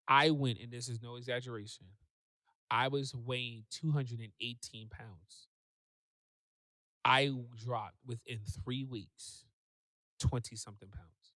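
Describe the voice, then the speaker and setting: A man, a guest on a talk show, telling a personal story in a lively way and acting out what people said. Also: medium pitch, a little slow, pauses often, dry recording. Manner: animated, acts out quoted voices. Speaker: podcast guest.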